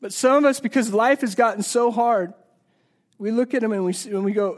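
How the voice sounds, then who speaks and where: High-voiced man preaching earnestly. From United States. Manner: earnest, swings between loud emphasis and hushed slow passages. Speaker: pastor. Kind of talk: sermon. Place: church sanctuary.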